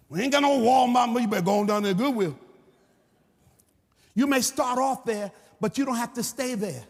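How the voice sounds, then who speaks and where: A pastor preaching a fervent, shouting sermon in repeated phrases. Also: male voice, very high voice, moderate pace, long pauses, husky. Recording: reverberant church hall with music.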